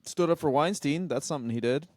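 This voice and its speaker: A man's voice: a little high, fast, darkish tone, no room sound, studio quality. A man co-hosting a comedy podcast, telling rambling stories and acting out what people said. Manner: rambling storyteller, acts out quotes. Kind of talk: casual comedic chat.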